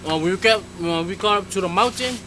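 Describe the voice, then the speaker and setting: A man's voice: brisk, a little hiss or hum, poor audio. A young man joking with friends outdoors, telling a story with lots of laughing and mimicking. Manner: laughing, mimicking screams in a high voice. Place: outdoors in a village with a group. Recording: loud crowd of friends around. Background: friends talking and laughing.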